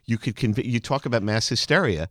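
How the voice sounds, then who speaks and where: A man's voice: mid-range voice, brisk, no echo, studio quality. A man hosting an interview show, chatting casually and retelling a guest's story with enthusiasm. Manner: animated storyteller, enthusiastic agreement. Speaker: radio show and podcast host.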